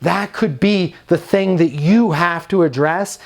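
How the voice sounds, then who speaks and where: A man's voice: high voice, measured pace. A man giving a motivational training talk to leasing agents, direct and emphatic, drawing out key words for stress.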